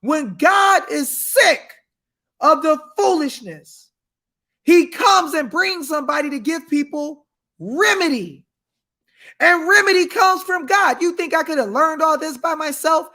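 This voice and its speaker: High-pitched guy preaching hard, aave, reads scripture then yells about it. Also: animated, a little slow. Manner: fiery, shouting, reads scripture aloud. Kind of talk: impassioned preaching.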